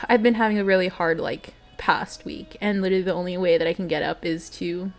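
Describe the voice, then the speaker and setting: A woman's voice: on the low side, fairly even intonation, fairly quick, soft background music. Earnest young woman streamer. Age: young adult. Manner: earnest and emotional, with laughs. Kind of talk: bedtime story reading and stream chat.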